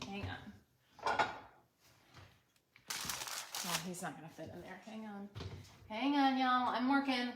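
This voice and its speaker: A woman's voice: on the high side, lively intonation, slow pace, pauses often, heavy background noise. A woman, chatting to viewers in a home kitchen while she cooks, talking casually and joking about herself. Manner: chatty, self-deprecating, talks straight to viewers. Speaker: cooking vlogger. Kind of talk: casual cooking demonstration.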